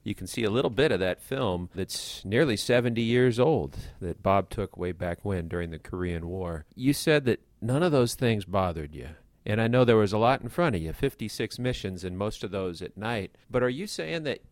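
A man hosting a radio interview, asking clear, leading questions and summarizing his guest's stories. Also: fairly low pitch, lively intonation, moderate pace, few pauses, dry recording, clean studio sound. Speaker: radio host.

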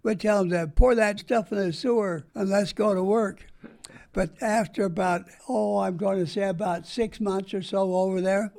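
A man's voice: high-pitched, gravelly, a little mellow. An older man, a veteran, recalling his wartime years in a folksy, plain-spoken way for an oral history interview. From United States.

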